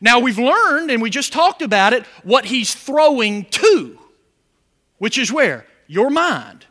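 A man preaching a sermon as pastor, animated, with call-and-response questions to the congregation. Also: very high-pitched, slow pace.

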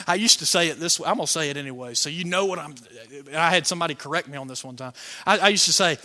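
A man preaching a sermon, animated and joking, swinging from soft asides to shouted lines. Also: a little high, fast talker. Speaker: pastor.

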